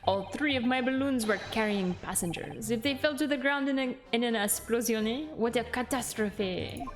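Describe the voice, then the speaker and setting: A woman's voice: fairly high pitch, normal speed, soft background music, natural voice. A woman voicing a boastful middle-aged male balloonist in a put-on comic foreign accent, hammy and dramatic. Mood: proud.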